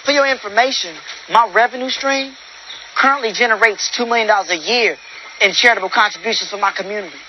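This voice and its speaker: An actor playing a brash, boastful young soldier in a war comedy film, talking in a mocking, cocky way. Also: male voice, high voice, fast, highs cut off, slight background noise, lightly acted.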